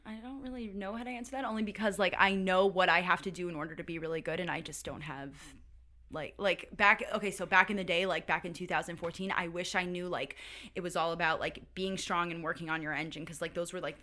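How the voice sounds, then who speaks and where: A woman's voice: lowish voice, fairly even intonation, fast, sharp tone. A woman in her thirties, a podcast guest chatting casually and telling stories, filling her talk with "like". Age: 30s. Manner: chatty storyteller, heavy use of "like". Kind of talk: casual interview chat.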